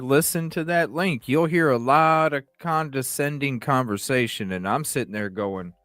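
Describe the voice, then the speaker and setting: A man's voice: mid-range voice, normal speed, few pauses, fairly bright tone, no room sound, soft background music. A man speaking as host in a heated, indignant way, emphatic and profane. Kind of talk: heated commentary.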